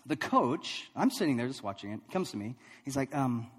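A man preaching a sermon, telling a funny personal story with lively, self-deprecating delivery and frequent laughs. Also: medium pitch, normal speed, husky, big-room sound. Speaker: pastor.

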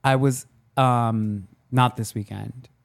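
A man co-hosting a podcast in casual chat, easygoing, agreeable and quick to laugh. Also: mid-range voice, fairly even intonation, vocal fry. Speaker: podcast co-host.

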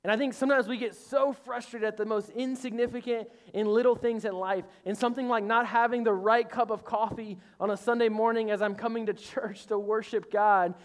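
A man's voice: high voice, steady tone, brisk, hardly any pauses. A male pastor giving a casual, conversational sermon. He speaks earnestly, slips in joking asides and calls on the congregation to respond.

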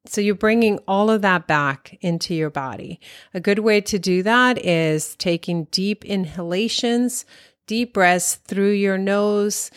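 Slow, calm woman teaching meditation. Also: medium pitch, dry recording, studio quality. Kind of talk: guided meditation talk.

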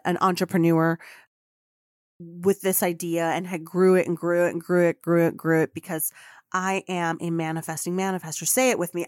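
A woman's voice: lowish voice, dry recording, studio quality. Fiery, foul-mouthed woman podcast host. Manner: profane, fired-up and chatty. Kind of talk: motivational storytelling monologue.

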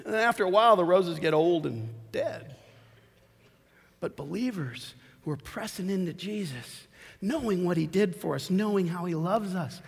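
A man in his forties preaching a sermon as pastor, swinging from shouted peaks to quiet asides. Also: high voice, animated, moderate pace, gravelly, breathy edge. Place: church sanctuary. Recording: long hall reverb.

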